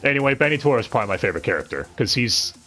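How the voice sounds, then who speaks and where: A man's voice: mid-range voice, sing-song, very fast, sharp tone, faint music behind. A man reviewing an anime dub on a live stream, talking casually with frequent stammered restarts and blunt, profane sarcasm.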